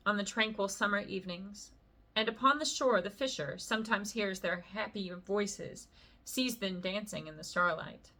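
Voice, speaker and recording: Bright-voiced woman reading a bedtime story. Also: mid-range voice. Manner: gentle reading with casual asides.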